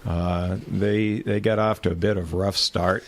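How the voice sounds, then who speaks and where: A man's voice: low voice, fairly even intonation, measured pace. An older man, a retired band director telling rambling, self-deprecating anecdotes in an oral history interview. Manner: rambling anecdotes, self-deprecating humor, many filler restarts.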